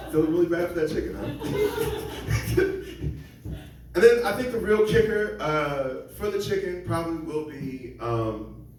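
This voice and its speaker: A man's voice: high-pitched, sing-song, slow pace, pauses often, darkish tone. A man doing a rambling, self-deprecating stand-up set on a comedy club stage, slipping into voices for the people he quotes. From Seattle area. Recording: very echoey room, mic at a distance.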